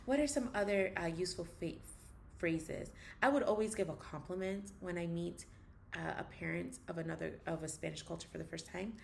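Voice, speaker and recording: A low-voiced woman with a gravelly edge teaches a casual language lesson from home. She drills practice phrases slowly and with emphasis, and a faint hiss sits under the recording. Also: a little mellow. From United States.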